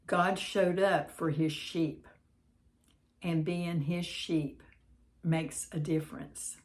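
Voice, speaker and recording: Slow, gentle woman sharing a devotional. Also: on the low side, steady tone. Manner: gentle, unhurried, with pauses and fillers. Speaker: devotional channel host. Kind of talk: reading a devotional note aloud, then casual chat.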